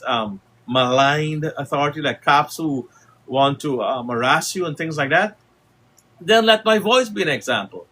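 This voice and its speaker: Older Guyanese man, impassioned oratorical speaker, bright and forceful tone, higher-pitched voice. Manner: oratorical, rising to emphatic declarations. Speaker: political commentator. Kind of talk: impassioned broadcast speech.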